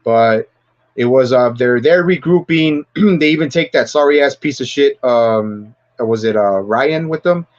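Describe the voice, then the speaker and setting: A man's voice: mid-range voice, measured pace, lo-fi sound. A man hosting a livestream, casually retelling a film in a rambling, profane way and laughing often. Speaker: livestream host. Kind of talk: casual movie discussion.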